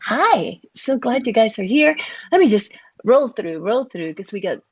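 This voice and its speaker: Woman, chatty livestream host, bubbly, higher voice, lo-fi muffled sound. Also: big pitch swings, a little slow, slightly rough. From Oklahoma. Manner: bubbly, chatty, greeting viewers by name. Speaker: podcast co-host. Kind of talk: casual livestream chat. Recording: dull lo-fi stream audio.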